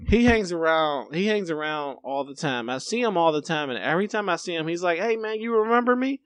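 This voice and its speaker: A man co-hosting a podcast, telling a story in relaxed, slangy casual chat. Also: on the high side, a little fast, clean tone, no room sound. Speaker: podcast co-host.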